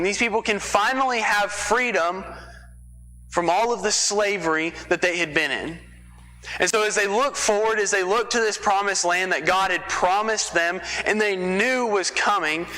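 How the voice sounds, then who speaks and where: A man's voice: high-pitched, sharp tone. A man from Texas preaching a sermon in a church, telling the story in a conversational way with folksy asides. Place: church sanctuary. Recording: long reverb of a church hall.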